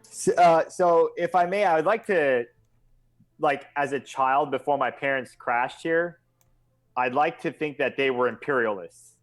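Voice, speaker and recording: A man's voice: fairly high pitch, a little slow. A man playing a tabletop game, hesitantly thinking his ideas through aloud. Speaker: player. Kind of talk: casual tabletop play.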